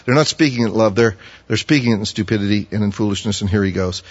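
A man preaching a sermon, acting out the prophets he quotes in loud, pleading bursts. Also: on the low side, fast. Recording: muffled audio with long hall reverb.

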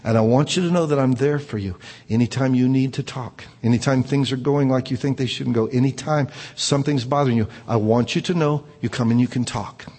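A man voicing a calm, caring male schoolteacher, speaking slowly and steadily. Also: medium pitch, long reverb tail, pitched below the performer's own voice, lightly acted. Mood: warm, steady.

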